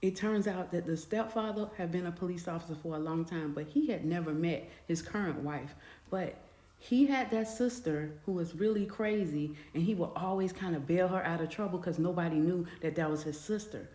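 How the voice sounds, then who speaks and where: A woman casually narrating a dramatic story in a chatty, animated way. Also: lowish voice, moderate pace. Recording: echoey room.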